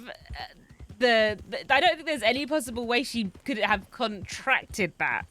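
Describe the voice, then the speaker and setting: A woman's voice: a little high, lively intonation, a little slow, pushed and bright. A woman streaming a roleplay game, chatting in a rambling way and laughing often. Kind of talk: casual chat while streaming a roleplay game.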